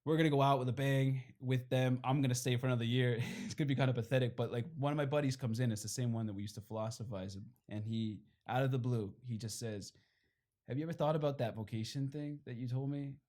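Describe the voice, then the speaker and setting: A man's voice: medium pitch, steady tone, darkish tone. Priest telling his story, rambling. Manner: rambling storytelling, many "like" fillers, quick laughs. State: briefly tearful. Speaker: priest giving his testimony. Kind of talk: personal testimony at a fireside talk.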